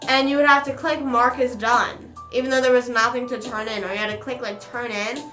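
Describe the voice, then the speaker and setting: A young woman streamer chatting casually, rambling through a story with quick asides. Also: on the high side, fairly even intonation, sharp tone. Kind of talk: casual chat. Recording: echoey room with faint music.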